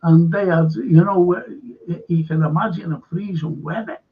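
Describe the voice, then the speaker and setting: A man's voice: a little high, moderate pace, slightly rough. A man with a Liverpool accent, a local historian telling rambling stories in a casual chat, full of fillers and restarts. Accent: Liverpool (Scouse). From Liverpool, England. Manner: rambling anecdotal storyteller with frequent fillers. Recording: dull lo-fi sound.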